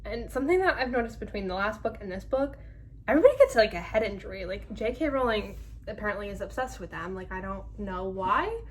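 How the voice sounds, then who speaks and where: A young woman reviewing a book for her vlog. She talks casually and chattily, filling pauses with 'um' and 'like', at a medium pitch for a woman. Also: a little hiss or hum, poor audio. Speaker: book club vlogger.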